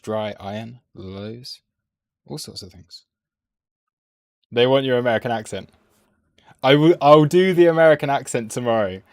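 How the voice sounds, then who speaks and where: A man's voice: medium pitch, no echo. A man, chatting playfully on a live trading stream and talking at the price chart.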